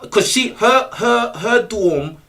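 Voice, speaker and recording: A man's voice: high voice, expressive, slow pace, pushed and bright. A young man from England with an English accent, telling a boastful story in casual slang and laughing often. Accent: English, London slang. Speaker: storyteller host.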